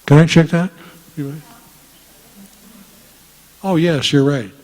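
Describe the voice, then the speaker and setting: A man's voice: fairly high pitch, steady tone, a little mellow. Older man telling stories in a hall. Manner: folksy storytelling, frequent "uh" pauses. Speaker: guest speaker. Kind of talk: casual talk to an audience. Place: meeting room. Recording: reverberant hall.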